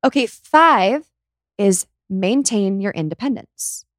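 A young woman hosts a casual podcast and tells her stories with animated energy, jumping into little acted-out quotes. Her voice sits at a middle pitch and sounds close and dry. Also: takes it slowly, no echo. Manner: animated storyteller who acts out quotes. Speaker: podcast host. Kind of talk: casual chat.

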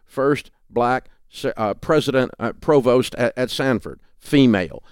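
A man's voice: medium pitch, a little slow, clear, resonant tone, no echo, studio quality. A man in his sixties with a Southern US accent from Tennessee, speaking as a radio host and author in a remote interview, folksy and emphatic with frequent restarts. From Southern United States.

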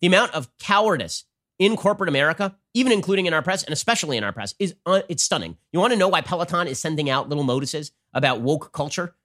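A man hosting a political commentary show, talking in a rapid-fire, sarcastic and combative way. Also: fairly high pitch, animated, fairly bright tone. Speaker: show host.

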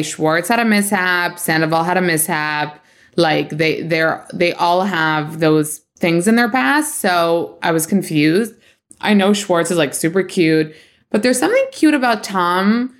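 A woman hosting a podcast, telling gossip stories in a chatty, animated way with lots of "like"s. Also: lowish voice, measured pace. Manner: gossipy, animated storytelling with many "like"s and bursts of laughter. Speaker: podcast host. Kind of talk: casual chat.

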